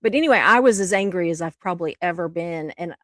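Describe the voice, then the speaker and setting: Woman co-host spinning a relaxed story. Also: lowish voice, dry recording. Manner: relaxed drawn-out storytelling with fillers. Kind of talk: casual storytelling chat.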